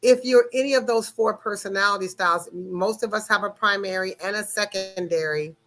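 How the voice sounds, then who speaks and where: A woman's voice: medium pitch, fairly quick, fairly bright tone. A middle-aged woman giving a casual explanatory talk on personality types, emphatic and always at full energy. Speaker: personality-type presenter.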